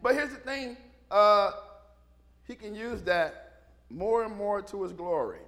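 A man's voice: high voice, expressive, slow pace, fairly bright tone. A man in his fifties, a pastor giving a casual, storytelling sermon who acts out the voices of the people he talks about and laughs often. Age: 50s. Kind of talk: conversational sermon.

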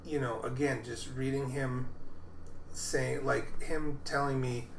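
A man's voice: mid-range voice, steady tone, slow, vocal fry, roomy sound, slight background noise. A man co-hosting a podcast, casually talking about movies in a rambling way that keeps restarting. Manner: rambling, self-interrupting. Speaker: podcast co-host. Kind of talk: casual film chat.

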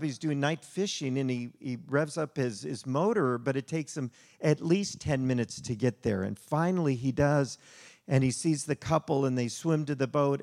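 A man preaching a sermon to a congregation, telling a story in an animated, conversational way. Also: medium pitch. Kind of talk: sermon with slide show.

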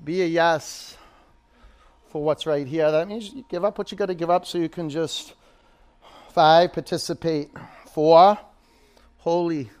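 A man with a slightly higher voice leads a yoga class, calling poses and counting each hold down from five. He coaches his students by name and urges them on through the hard moves. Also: fairly even intonation, moderate pace, darkish tone, smooth. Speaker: yoga teacher. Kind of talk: instructing a live yoga class.

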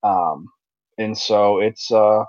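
A man's voice: lowish voice, slow pace, a little mellow, dry recording. A man co-hosting a casual podcast chat, telling a story in a rambling way with lots of ums and restarts. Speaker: podcast co-host. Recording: dry, slightly dull sound.

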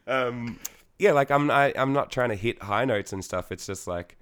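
A man's voice: medium pitch, normal speed, a bit bright, clear, resonant tone. A young Australian man, a singer in a band, chatting casually in an interview, rambling with lots of fillers, swearing and laughing.

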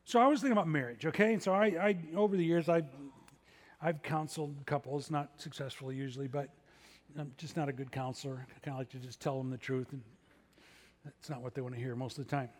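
A man's voice: on the high side, steady tone, fast. A middle-aged man preaching a sermon as pastor, conversational with self-deprecating asides. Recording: long reverb of a large hall.

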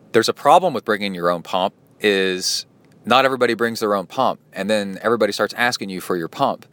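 A man's voice: fairly low pitch, fairly bright tone. A man hosting a podcast, telling a casual story with a rambling, chatty delivery and lots of fillers. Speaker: podcast host. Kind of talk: casual spoken race recap.

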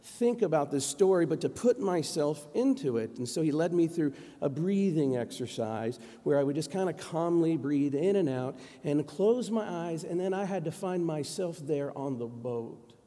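Male pastor, conversational sermon, mellow tone, long church reverb. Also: on the high side, animated, normal speed, few pauses. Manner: conversational storytelling preacher. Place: church sanctuary.

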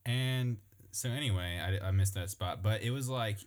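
A young man with a fairly low voice tells a casual story with real energy. He acts out what people said and breaks into laughs often. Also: moderate pace. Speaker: co-host telling a story. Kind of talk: casual chat.

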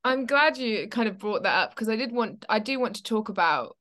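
A young woman co-hosts a casual Christian chat podcast, her voice sitting on the high side with a fairly bright tone. She speaks a little fast and expressively, telling stories with animation and acting out her own reactions.

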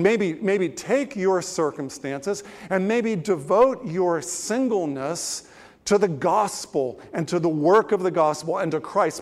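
A male pastor delivers his sermon in a relaxed, conversational storytelling manner, full of pauses and small asides. His voice sits a little higher than most men's. The sound carries a long reverb, as if picked up in a church sanctuary.

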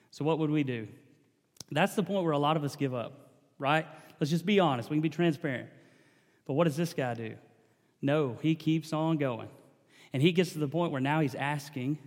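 A man's voice: on the high side, normal speed, big-room sound. A man preaching a sermon as a pastor, building intensity with repeated phrases.

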